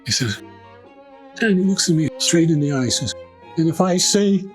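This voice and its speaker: Older man telling lively anecdotes. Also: on the high side, a little slow, pauses often, slightly rough, faint music behind, poor audio. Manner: animated anecdotes, acting out quoted voices. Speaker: oral history storyteller. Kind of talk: oral history recollection.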